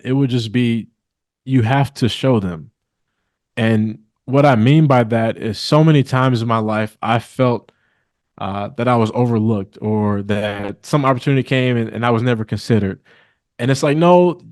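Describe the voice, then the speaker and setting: A man's voice: mid-range voice, normal speed, darkish tone, no room sound, studio quality. A man from Milwaukee, a guest attorney, talking earnestly in a casual interview with many fillers. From Milwaukee, Wisconsin.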